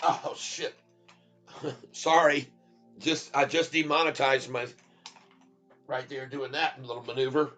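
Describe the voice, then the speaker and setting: A man's voice: mid-range voice, fairly even intonation, slow, long pauses, sharp tone, soft background music. A man giving playful live commentary on his stock trades, laughing often and chanting goofy little rhymes. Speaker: stock trading streamer. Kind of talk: casual live trading commentary.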